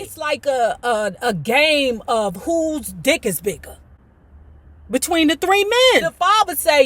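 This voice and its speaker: A woman's voice: high voice, a little slow, no echo. A woman reading a novel aloud for a book club, breaking into chatty, sassy commentary between passages. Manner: animated, switches between reading and sassy asides.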